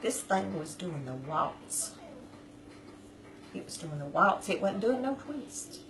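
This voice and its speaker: A woman telling a story in a folksy, chatty, animated way to her viewers. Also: fairly low pitch, takes it slowly, slight background noise, low-quality recording. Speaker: vlogger. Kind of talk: casual storytelling.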